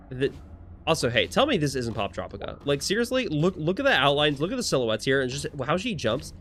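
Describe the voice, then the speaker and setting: A man's voice: fairly high pitch, sing-song, a little fast, fairly bright tone. A young man streaming a game live, chatting in rambling asides between lines. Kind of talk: live gameplay commentary.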